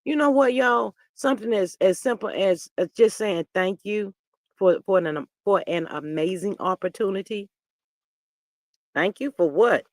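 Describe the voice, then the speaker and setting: A reality TV commentary host runs a live stream, reading viewer comments and answering in a sassy, animated way that swings from low mutters to loud outbursts. She speaks a little slowly, and the sound is clean studio quality with no room sound.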